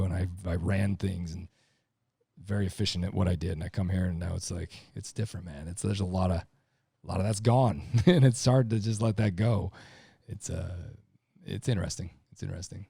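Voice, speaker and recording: A middle-aged man with a deep, husky, gravelly voice tells it straight and emphatically, swearing as he goes. His tone sits dark and mellow. He is recorded close on a dry podcast mic. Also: steady tone, a little fast, dry recording. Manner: blunt, profane, emphatic storytelling. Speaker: podcast guest, lineman. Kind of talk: casual podcast chat.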